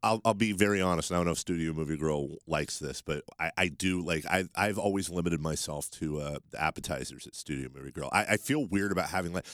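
A man's voice: sits low, quick pace, hardly any pauses, fairly bright tone, no room sound, studio quality. A man hosting a morning radio show, chatting casually and self-deprecatingly, often restarting his sentences.

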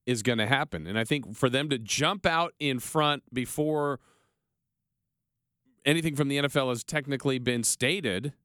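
A man co-hosting a sports talk show, speaking in a measured, conversational manner. His voice is smooth and resonant. The sound is dry and close to the microphone. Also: mid-range voice, fairly bright tone, no echo. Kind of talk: casual sports talk debate.

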